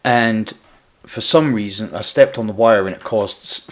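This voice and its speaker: A gaming livestreamer with a fairly low voice talks at a measured pace into an external USB mic at his home gaming setup. While playing, he chats casually with viewers by name, speaking loosely and restarting often.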